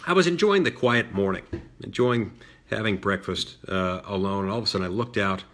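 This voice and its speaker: A middle-aged man telling a story from his childhood in an unhurried way, with small fillers and restarts. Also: fairly low pitch, expressive, a bit bright. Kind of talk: personal storytelling talk.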